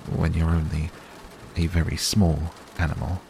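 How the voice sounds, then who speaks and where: A man's voice: extremely low pitch, flat delivery, unhurried, dark tone, slight background noise. A man voicing a small, timid young male piglet who speaks anxiously and fidgets. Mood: meek. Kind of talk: storybook reading.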